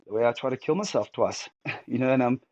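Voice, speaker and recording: A middle-aged man speaking candidly as an interview guest, halting and emotional, close to tears and restarting his sentences often. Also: mid-range voice, darkish tone, no room sound, lo-fi sound.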